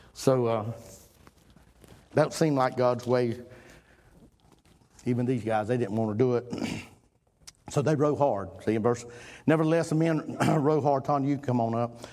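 A man preaching a folksy sermon, swinging from loud emphatic lines to low murmurs.

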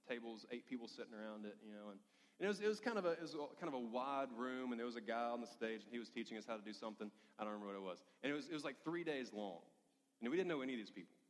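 Animated storytelling man, hall reverb. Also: medium pitch. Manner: storytelling, animated, self-deprecating humor. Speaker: pastor. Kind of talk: sermon.

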